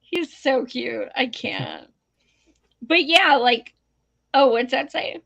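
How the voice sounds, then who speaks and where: A woman's voice: high-pitched, expressive, slow pace, gravelly, fairly bright tone, dull audio. A young adult woman co-hosting a political live stream, talking bluntly and profanely, laughing often. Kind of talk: casual livestream talk.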